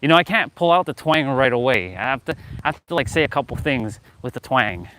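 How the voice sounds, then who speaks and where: A man's voice: mid-range voice, very animated, a little fast, fairly bright tone. Man rambling on a phone livestream outdoors. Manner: rambling, musing aloud, answering chat. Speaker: fitness livestream host. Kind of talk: casual live-stream chat while walking. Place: outdoors, walking past courts and a pool.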